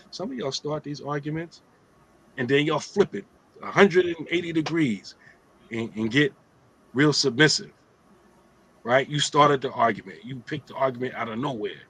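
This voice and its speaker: Streetwise man giving a bright, joking religious talk. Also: medium pitch, expressive, moderate pace, husky, poor audio. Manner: streetwise, joking, frequent "right?" asides. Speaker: host of an Islamic talk show.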